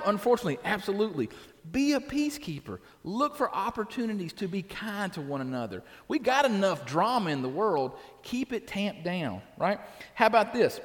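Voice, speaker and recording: In a church sanctuary, a high-pitched male pastor delivers a conversational sermon, frequently asking "right?" of his listeners. A long reverb tail trails his words.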